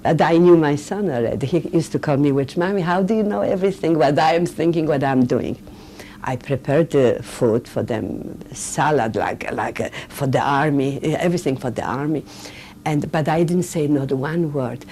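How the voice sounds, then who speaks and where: An older woman, a Holocaust survivor, is interviewed for a recorded oral history. Her voice is low and mellow yet animated, and her speech halts often, full of fillers and restarts. A faint hiss or hum sits in the recording.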